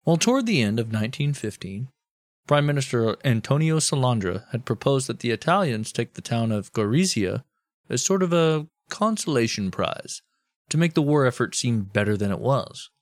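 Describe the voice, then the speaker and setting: A man's voice: mid-range voice, very animated, moderate pace, no echo. Man narrating history with irreverent jokes. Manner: irreverent, profane asides. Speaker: podcast co-host.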